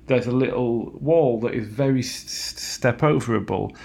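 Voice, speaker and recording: A man talking alone at home late at night, halting and self-mocking, with lots of fillers and restarts. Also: medium pitch, creaky, darkish tone. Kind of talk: rambling late-night monologue.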